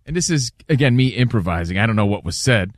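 A man co-hosting a casual chat show, telling a story with lively acted-out bits. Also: lowish voice, fast talker, no echo, studio quality. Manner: animated storyteller, acts out voices. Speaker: co-host.

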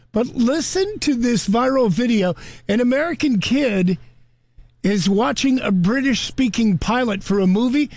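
A man's voice: very high-pitched, animated, measured pace, a little mellow, no room sound. A man hosting a morning radio show, talking in a loose, chatty way with frequent fillers and asides. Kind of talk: casual radio chat. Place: radio studio. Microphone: studio microphone.

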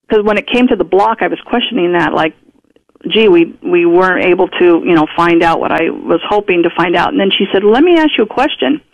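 A radio guest in conversation who tells a personal story in a chatty way and acts out the speech of others. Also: medium pitch. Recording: muffled radio broadcast audio.

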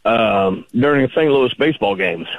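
A man calling in to a radio talk show, arguing his points slowly and deliberately. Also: medium pitch, animated, dry recording. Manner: slow and gravelly, argues point by point. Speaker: caller. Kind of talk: phone-in caller on talk radio. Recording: tinny phone line.

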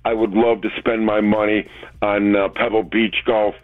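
A man's voice: on the low side, little pitch movement, normal speed. A man calling into a radio show, playful and hyped, talking about a dream splurge. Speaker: caller. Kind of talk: phone-in chat. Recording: phone line.

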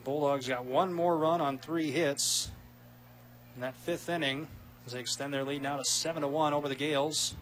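A man doing play-by-play radio commentary of a softball game, quick and rising with big plays. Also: a little high, fairly even intonation. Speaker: play-by-play announcer.

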